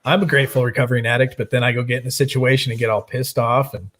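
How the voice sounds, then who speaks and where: A man's voice: mid-range voice, little pitch movement, very fast, a bit bright. A man hosting a recovery channel, responding in a casual, affirming and reflective way. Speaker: channel host. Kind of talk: casual chat.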